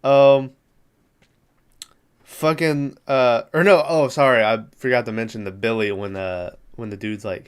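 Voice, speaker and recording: Man, podcast host, casual movie recap, rambling, swears freely, amused, smooth resonant voice. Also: mid-range voice, fairly even intonation, unhurried.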